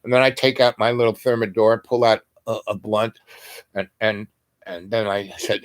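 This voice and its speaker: A man's voice: on the low side, flat delivery, normal speed, no echo, rough recording. A man telling a long story in a casual, rambling way, full of asides and fillers.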